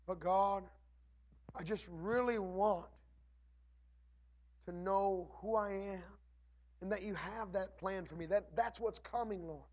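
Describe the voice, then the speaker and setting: A pastor in church, preaching and then leading a prayer that repeats "Lord" and "God" between phrases and builds to shouting. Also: male voice, sits high. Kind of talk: sermon and prayer.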